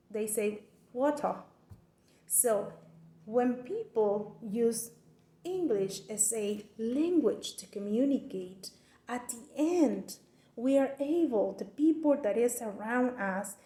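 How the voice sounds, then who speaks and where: A woman gives a class presentation, slow and deliberate, restarting her phrases as she works through the explanation. Her voice is mellow, and the sound rings in an echoey room. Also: fairly high pitch. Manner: careful, deliberate explanation with frequent restarts and non-native phrasing. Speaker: student giving a class presentation.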